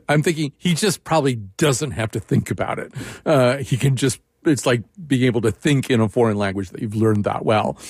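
A man's voice: medium pitch, dry recording. Male interviewer, searching for words, dry close-miked studio sound. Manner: halting, many restarts and fillers. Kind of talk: radio interview conversation.

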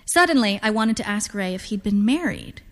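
A woman reading literary fiction aloud in a measured, wry, unhurried way. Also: medium pitch, expressive, a bit bright. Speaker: narrator. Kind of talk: scripted literary narration. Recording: long hall reverb.

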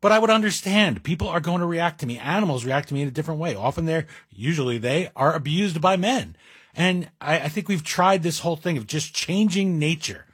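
A man's voice: a little high, lively intonation, brisk, husky, dry recording, studio quality. A middle-aged man guest hosting a talk radio show, speaking in a wry, self-deprecating monologue with asides. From Greek heritage. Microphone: studio mic.

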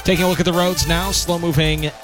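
A man's voice: on the high side, little pitch movement, fast, over music. A man co-hosting a radio show, easygoing in banter and reading the weather and traffic. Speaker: radio co-host.

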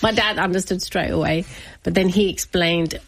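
A woman's voice: on the low side, steady tone, normal speed, no room sound. A woman, telling her family story as an interview guest, chatty and often laughing. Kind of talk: personal storytelling.

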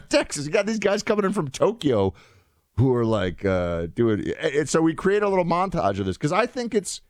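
A man's voice: on the high side, very animated, normal speed, dry recording, clean studio sound. A man hosting a show, chatting in casual commentary with lots of fillers and restarts. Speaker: show host.

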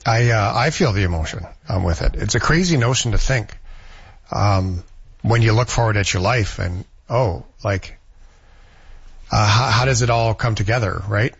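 A man's voice: lowish voice, moderate pace, breathy edge, no room sound, dull audio. A man hosting a casual chat, reflective and easygoing. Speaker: host.

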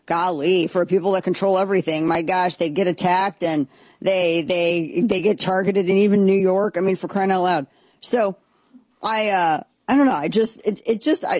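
A woman hosting a political talk show, giving blunt, sarcastic commentary in an animated way. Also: lowish voice, dry recording. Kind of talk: opinionated commentary.

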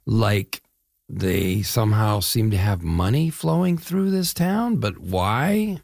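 An older man with a husky, gravelly voice talks eagerly through his stories in a casual interview. He rambles a little and restarts, always keen. The sound is dry and close. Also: on the low side, expressive, slow pace, a little mellow, dry recording. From Chicago area, USA. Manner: enthusiastic, rambling storyteller. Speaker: actor guest.

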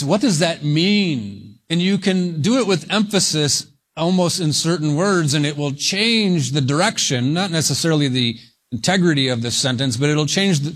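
A man preaching a verse-by-verse sermon, slow and deliberate, leaning hard on single words for emphasis. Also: on the high side.

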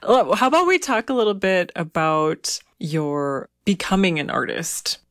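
A woman's voice: on the low side, lively intonation, unhurried, a bit bright, no room sound, studio quality. A woman interviewing a guest, asking curious and encouraging questions.

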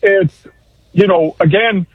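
A man's voice: high voice, slow pace, husky, no echo. A man calling in to a radio show, chatting in a loose, rambling way over a phone line. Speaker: caller. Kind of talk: casual call-in chat.

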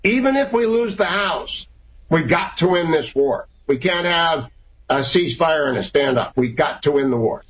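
A middle-aged man giving forceful, rapid-fire opinions as a guest on a political talk radio show. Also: on the high side, expressive, low-quality recording.

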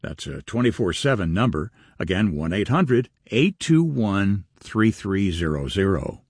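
A man's voice: fairly low pitch, big pitch swings, unhurried, darkish tone, breathy edge, no echo, studio quality. A man co-hosting a radio ministry, reading offer and contact details. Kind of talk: scripted radio announcement.

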